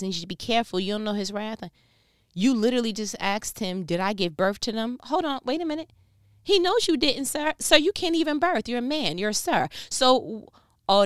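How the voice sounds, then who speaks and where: Smooth-voiced New woman teaching scripture. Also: fairly low pitch, a bit bright, no echo, clean studio sound. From New York. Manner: conversational and playfully scolding, addressing listeners directly. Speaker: Bible teacher. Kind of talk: casual scripture commentary.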